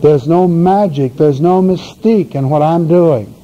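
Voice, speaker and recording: Folksy preacher with a dark, mellow voice. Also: male voice, a little high, a little slow. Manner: folksy, emphatic storytelling preaching. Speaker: pastor. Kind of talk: sermon. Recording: dull lo-fi recording with faint hiss.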